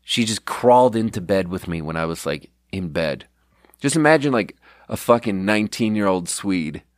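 A man's voice: deep voice, animated, normal speed, dry recording, clean studio sound. Rambling, profane young man telling stories. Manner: rambling, profane, self-deprecating. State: sleep deprived. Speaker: podcast host. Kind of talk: casual storytelling monologue.

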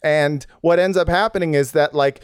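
A man's voice: a little high, moderate pace, smooth, dry recording, studio quality. A man hosting a casual podcast, joking and spinning absurd stories.

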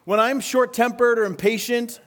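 A man preaching a sermon in a conversational way, often checking in with the congregation with quick questions. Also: very high-pitched, fairly even intonation, fairly bright tone. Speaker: pastor.

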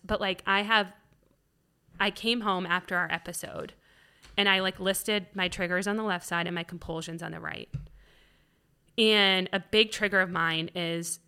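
Woman in her 30s, podcast co-host, tense bright voice, loose rambling delivery. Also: lowish voice, clear, resonant tone. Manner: rambling, full of "like" and "um". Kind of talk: candid conversational chat.

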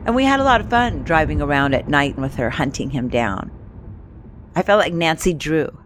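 A woman's voice: sits low, lively intonation, moderate pace, slight background noise. A woman telling a first-person story from her childhood in a candid, wry, conversational way.

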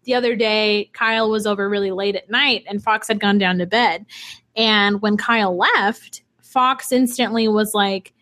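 A woman's voice: a little high, normal speed. Chatty young woman telling stories. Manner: chatty, animated storyteller with laughs. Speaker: podcast co-host, single mom. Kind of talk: casual chat.

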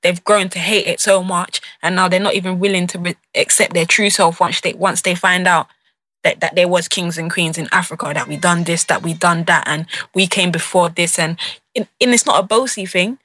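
A woman's voice: fairly low pitch, steady tone, moderate pace, pushed and bright, no echo. A woman from England, talking in an earnest, emphatic way in a casual conversation.

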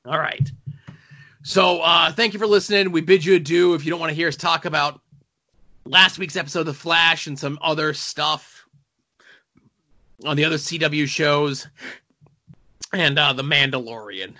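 Chatty podcast guy, bright tense voice, a bit high, rambly and jokey, lo-fi sound. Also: moderate pace, long pauses. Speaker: podcast co-host. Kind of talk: casual chat about comics and TV. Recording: dull lo-fi sound.

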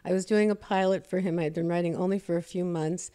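A woman's voice: on the low side, steady tone, fast, dark tone, clean tone. A woman comedy writer as an interview guest, telling anecdotes in a wry, self-deprecating way. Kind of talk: casual interview chat, storytelling.

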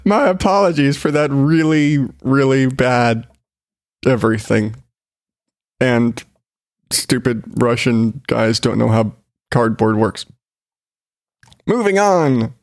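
A man hosts a solo show, riffing on strange headlines with sarcastic, profane commentary and frequent laughter. His voice sits at an ordinary middle pitch. The sound is dry and close, with no room around it. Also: slow, pauses often, no room sound. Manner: sarcastic, swearing, laughing often. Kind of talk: casual news commentary.

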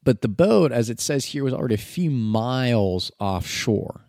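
A man's voice: medium pitch, animated, moderate pace, a little mellow, dry recording, studio quality. A man reading scripture and then preaching about it in an earnest, conversational way, with filler words.

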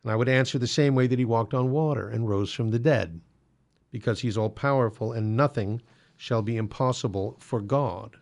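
Male host, gravelly mid-pitched voice, casual teaching monologue full of ums and restarts. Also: moderate pace, a little mellow. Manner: conversational, frequent fillers and restarts. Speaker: Catholic apologetics host.

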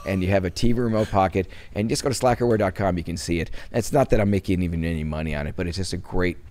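A man's voice: deep voice, racing. A middle-aged man from Wisconsin, a guest talking casually and rambling with many restarts. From Wisconsin, USA. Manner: rambling, many restarts, turns soft when recalling loss. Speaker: interview guest. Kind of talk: casual interview conversation.

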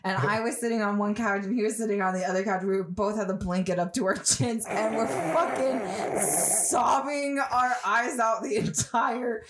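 A woman co-hosting a casual chat with her husband, chatty and profane, quick to laugh. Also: medium pitch, very noisy. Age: adult mother. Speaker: podcast co-host, wife.

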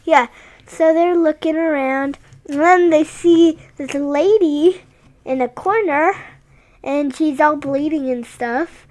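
A woman's voice: high-pitched, slow pace, a little mellow. A woman in casual chat, eagerly chiming in with plot details of a horror movie.

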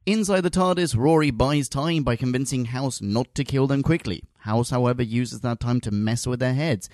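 A man's voice: mid-range voice, normal speed, dry recording, studio quality. A man co-hosting a podcast, reading listener reviews aloud in a jokey, giggly way. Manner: jokey, giggly, reads listener mail in a lively voice.

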